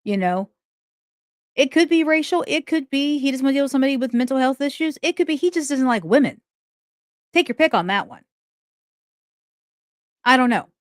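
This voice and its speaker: A woman's voice: high voice, animated, brisk, pauses often, no echo, clean studio sound. A woman hosting a true crime commentary, talking it through in a casual, indignant way. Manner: indignant, conversational, talks things through aloud.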